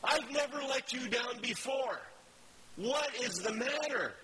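A man's voice: very high-pitched, animated, a little slow, bright, forceful tone, long reverb tail, slight background noise, voice pushed up, full character voice, low-quality recording. A man voicing a loyal talking donkey, raised and pleading, in a story told during a sermon. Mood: indignant. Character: put-upon talking donkey, loyal and indignant.

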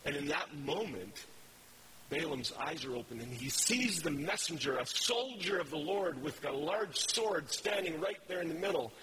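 A man's voice: on the high side, lively intonation, normal speed, bright, forceful tone, slight background noise, rough recording. A man giving a casual, rambling sermon, with many fillers and self-corrections as he talks through slides. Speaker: preacher.

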